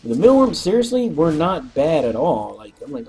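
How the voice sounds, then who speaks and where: A man casually telling a rambling, animated story, clearing his throat often and swearing freely. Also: fairly high pitch, normal speed, hardly any pauses. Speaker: co-op gaming channel host.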